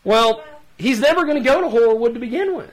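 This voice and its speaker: A man's voice: very high-pitched, animated, quick pace, rough recording. A man hosting a casual podcast, rambling through a story and laughing as he goes. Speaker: podcast host.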